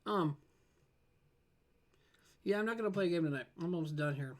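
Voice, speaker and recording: A man's voice: a little high, normal speed. A man chatting casually with viewers on a live stream, rambling and trailing off as he reads the chat. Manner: rambling and loose, trailing off with fillers while reading chat.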